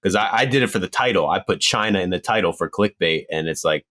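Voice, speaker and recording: Low-voiced, jokey man on a podcast. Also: lively intonation, fast, pushed and bright. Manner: defensive, jokey, swears casually. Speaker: podcast co-host, YouTuber. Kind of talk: casual podcast banter.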